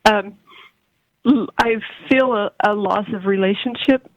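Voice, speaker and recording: A woman in her forties calls in over a dull, muffled phone line with a dry, close sound. She speaks haltingly and with emotion, stumbling and repeating words as she searches for them. Her pitch sits in a middle range. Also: dry recording. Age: 40s. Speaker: caller. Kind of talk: call-in conversation.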